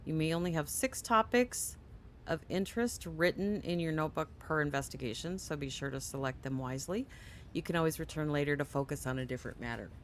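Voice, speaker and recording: A gaming channel host playing a game, reading on-screen tutorial text aloud with quick casual asides, sleepy and yawning. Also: mid-range voice, background noise. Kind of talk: casual let's play commentary.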